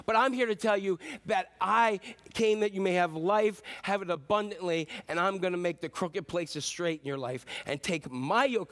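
A man preaching a sermon as pastor, animated and joking with the congregation, acting out shouts and voices. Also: sits high, normal speed, hardly any pauses. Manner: jokes with the audience.

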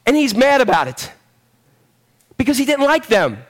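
A man preaching with a high, lively voice. He is middle-aged and animated, and he calls out to the congregation as he goes. His delivery swings between loud passages and hushed ones. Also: moderate pace. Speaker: pastor. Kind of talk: sermon.

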